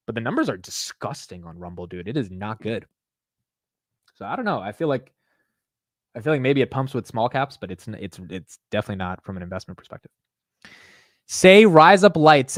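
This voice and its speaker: A man's voice: medium pitch, a bit bright, no echo, clean studio sound. A young man hosting a livestream, chatting casually in a loose, rambling way and saying "dude" a lot. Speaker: livestream host. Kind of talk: casual stream chat.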